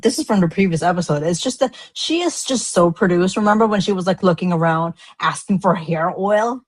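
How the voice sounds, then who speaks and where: A woman's voice: fairly low pitch, fairly quick, dry recording. A woman producer chatting as a podcast guest, hesitant with lots of uh's and restarts, laughing easily. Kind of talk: casual chat.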